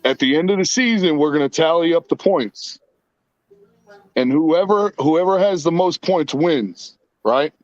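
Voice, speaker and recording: A man's voice: fairly high pitch, unhurried, no room sound, lo-fi sound. A man hosting a casual podcast, telling stories and swearing freely. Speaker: podcast host. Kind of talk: casual profane banter.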